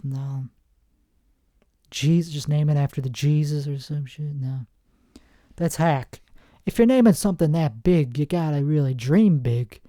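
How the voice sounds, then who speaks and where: A man's voice: on the high side, mellow, dry recording, clean studio sound. A man hosting a podcast in a rambling, self-mocking comedic monologue, trailing off and restarting his sentences. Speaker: podcast host. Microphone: podcast microphone.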